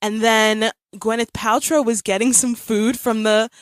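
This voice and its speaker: A woman in her thirties hosting a podcast in casual chat, telling a story with animated energy and frequent laughter. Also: a little high, a little slow, clear, resonant tone, dry recording, studio quality. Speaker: podcast host.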